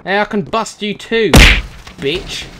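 A man giving playful, jokey commentary over a game, excitable and breaking into shouts. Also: high voice, slow pace, very noisy. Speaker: gaming commentator. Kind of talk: playful let's-play commentary. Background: game music.

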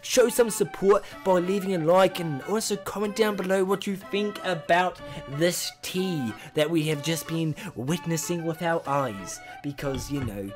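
A man's voice: high-pitched, normal speed, few pauses, a bit bright, faint music behind, voice pushed up. A man putting on a playful British accent to ramble through a cheery video sign-off. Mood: jokey.

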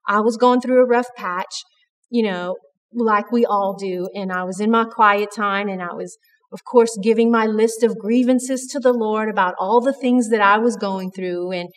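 A woman's voice: mid-range voice, moderate pace, in a large hall. A woman giving an earnest, conversational devotional talk at church, with frequent restarts. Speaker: church speaker.

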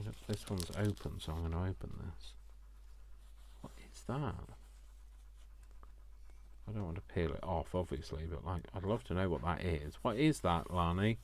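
Male craft vlogger, deep and unhurried, effusive self-talk with a faint hiss behind. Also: darkish tone. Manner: gushing, gasping and talking to himself. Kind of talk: casual unboxing chat.

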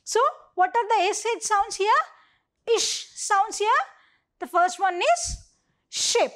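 A woman's voice: very high voice, fairly even intonation, slow, a bit bright. A woman with an Indian English accent teaching an online phonics lesson to young children, spelling words out letter by letter. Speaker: primary school teacher.

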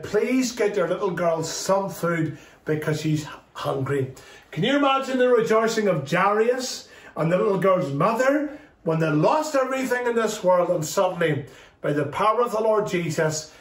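A man's voice: normal speed, recorded from a distance. A man teaching a children's Sunday school lesson, telling a Bible story and acting out the dialogue as he goes. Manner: storytelling, quoting dialogue with lively shifts in pitch. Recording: roomy, from off-mic.

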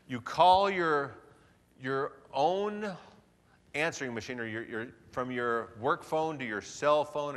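A man's voice: medium pitch, fairly bright tone. A man giving a motivational seminar talk in a large hotel hall, playful and theatrical. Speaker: seminar speaker. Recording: reverberant hall.

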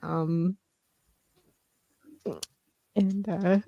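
A woman's voice: on the low side, fairly even intonation, very slow, creaky, warm tone, no room sound, highs cut off. A woman co-hosting a casual chat, rambling through a family story and acting out the people in it. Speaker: podcast co-host.

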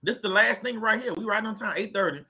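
Bright-voiced man giving a preachy pep talk. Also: high-pitched, quick pace, slightly rough. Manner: preachy and repetitive, colloquial. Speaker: host. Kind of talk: casual motivational faith talk.

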